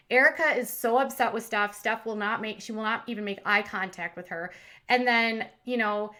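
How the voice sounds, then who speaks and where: A woman's voice: on the high side, normal speed, sharp tone. A woman hosting a commentary channel, recapping reality TV in a chatty, sarcastic way with lots of fillers.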